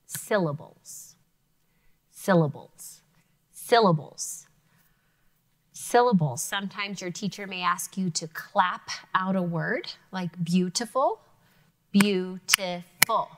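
A woman teacher giving an encouraging, clearly spoken lesson to young students. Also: medium pitch, a bit bright. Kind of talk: televised classroom lesson for children.

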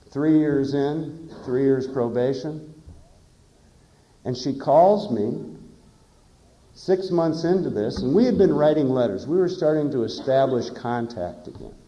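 Very dark-voiced middle-aged man telling his story. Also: mid-range voice. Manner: plain-spoken earnest storytelling. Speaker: recovery meeting speaker. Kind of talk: personal testimony talk. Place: conference hall. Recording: echoey dull conference tape.

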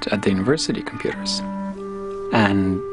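A man from Finland talking in a relaxed, hesitant way in a documentary interview, with frequent ums and restarts. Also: lowish voice, moderate pace, music in the background. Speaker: interviewee, software developer.

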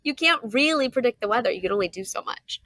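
A woman in her thirties, a podcast guest, telling a story in casual conversation and acting out what people said with lively jumps in her voice. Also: fast talker. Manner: animated, acts out quotes with jumps in pitch.

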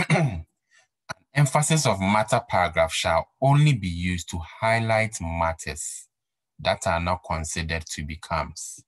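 A man's voice: low voice, expressive, a little slow, dry recording, poor audio. A man giving a recorded accounting lecture, repeating key points and asking rhetorical questions to stress them. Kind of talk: recorded exam-prep lecture.

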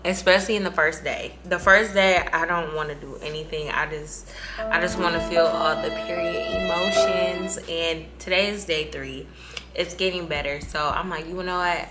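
A young woman vlogging casually to camera, candid and chatty, laughing between lines and talking about feeling emotional and tired. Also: low voice. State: emotional, on her period, tired. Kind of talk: casual vlog chat to camera.

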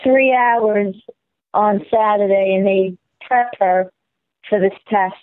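A woman's voice: medium pitch, steady tone, slow, no echo. A mother calling in to a Bible study chat, speaking casually and unhurriedly. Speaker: caller, mother. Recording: dull, lo-fi line.

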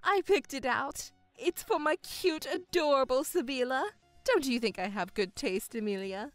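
A woman's voice: high voice, normal speed, no room sound, soft background music, close to an everyday voice. A woman voicing a scheming middle-aged mother who dotes on one daughter and mocks the other, speaking in a condescending, gloating way. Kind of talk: voiced story narration.

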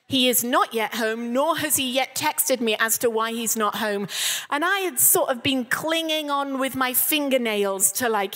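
A woman's voice: sits high, a little slow, pushed and bright. A woman in her thirties preaching at a church service, telling candid, humorous stories and acting out what people said. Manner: candid, humorous storytelling with acted-out quotes. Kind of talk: sermon. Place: church hall. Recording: long reverb of a church hall.

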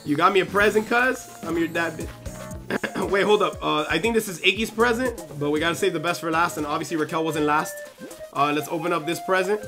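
A man in his twenties streaming a game live, chatting excitably to his viewers and constantly cutting himself off with "hold up". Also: high voice, a little fast, faint music behind. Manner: excitable, fidgety, keeps saying "yo" and "hold up". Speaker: gaming streamer. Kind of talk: casual live-stream chat while playing.

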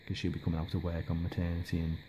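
A man's voice: low voice, completely flat delivery, rapid-fire, background noise. A man giving a casual, rambling hobby update, hesitant with lots of ums and restarts. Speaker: miniature hobby vlogger.

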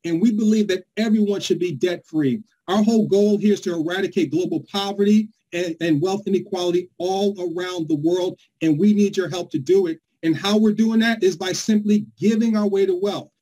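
A man's voice: high voice, brisk, few pauses, warm tone, breathy edge, poor audio. A man from New York hosting a live online presentation, upbeat and hyped as he greets viewers by name. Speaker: webinar host.

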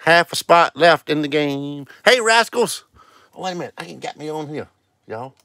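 A man's voice: a little high, lively intonation, normal speed, creaky, sharp tone. A man hosting a casual live stream, greeting viewers one by one in a sing-song way and calling out scratch-ticket numbers. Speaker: livestream host.

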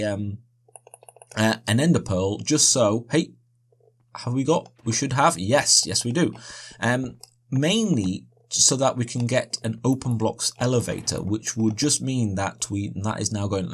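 A man's voice: medium pitch, moderate pace, slightly rough. A man giving rambling, self-correcting commentary over his own gameplay and chuckling often. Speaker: let's play host.

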